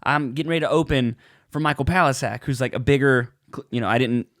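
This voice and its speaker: A man comedian co-hosting a podcast, telling stories fast and animated, swearing and laughing. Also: medium pitch, no echo, clean studio sound. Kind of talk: casual chat.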